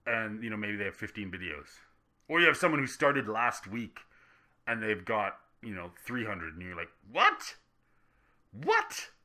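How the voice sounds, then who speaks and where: A man hosting a casual gaming vlog Q&A, rambling and joking with self-deprecating asides, his delivery swinging between loud and soft. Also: fairly low pitch, moderate pace. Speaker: gaming YouTuber answering viewer questions.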